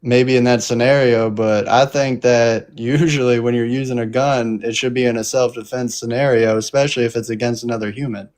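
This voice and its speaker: A man's voice: mid-range voice, fairly even intonation, brisk, few pauses, darkish tone. A man calling into a livestream debate, provocative and hesitant, with lots of fillers. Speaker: caller. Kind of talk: heated political call-in debate.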